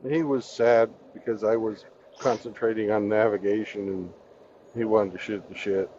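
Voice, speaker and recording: A man chatting loosely and full of profanity, his voice at a middling pitch. The sound is dull and lo-fi, with a faint hiss of ambience behind it. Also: fairly even intonation, normal speed, mellow. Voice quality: coarse, profane, joking. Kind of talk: casual chat on a live stream.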